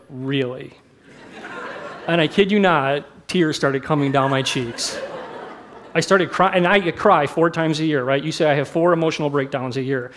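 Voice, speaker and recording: A middle-aged male pastor with a notably high speaking voice delivers a sermon. He talks candidly and conversationally and pokes fun at himself as he moves from personal anecdote to scripture. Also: noisy background. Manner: candid, conversational, self-deprecating.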